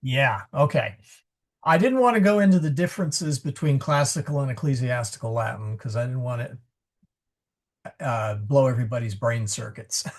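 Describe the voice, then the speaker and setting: Speaking at normal speed in a medium-pitched voice, a man runs an online Latin pronunciation lesson over a video call, with questions from the class. He chats freely, fixes his own slips, and tosses in a joke.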